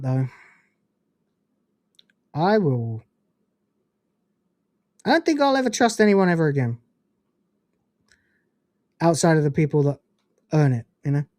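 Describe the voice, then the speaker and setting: A man's voice: fairly high pitch, sing-song, slow pace, pauses often, a little mellow, no echo. Dry-voiced man ranting on a stream. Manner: ranting, profane, incredulous. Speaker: livestream host. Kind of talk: casual livestream chat reading donations.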